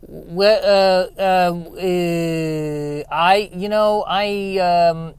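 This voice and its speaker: A man's voice: high voice, fairly even intonation, extremely slow, smooth, no echo. Man doing a jittery henchman servant, stammering and hesitant, dry sound. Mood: flustered. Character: nervous male servant, eager yet squeamish.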